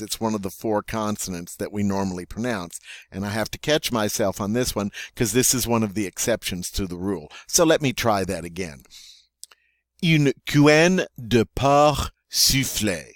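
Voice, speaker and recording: A man teaching French vocabulary, playful and joking, saying each word slowly and twice before giving its meaning. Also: lowish voice, dry recording, clean studio sound. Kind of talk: vocabulary lesson.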